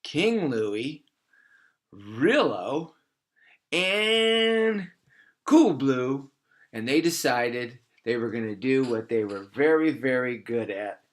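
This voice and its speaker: A man spinning a made-up tale for children, sounding animated and playful. He stretches out key words for drama and keeps the telling loose and homemade, with a voice of ordinary middle pitch. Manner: animated, playful, slows for emphasis. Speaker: storyteller. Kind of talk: improvised children's story.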